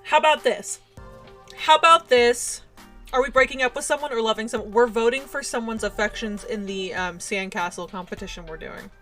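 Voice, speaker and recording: A woman's voice: on the high side, a little fast, a bit bright, soft background music. A young adult woman streaming a game, chatting casually with viewers in a giggly, self-deprecating way. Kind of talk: casual livestream chat while playing a game.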